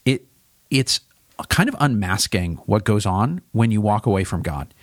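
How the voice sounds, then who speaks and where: A man, a pastor co-hosting a podcast, talking through a Bible chapter in a thoughtful, casual way that turns animated when he voices God's questions. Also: lowish voice, normal speed, no echo, studio quality.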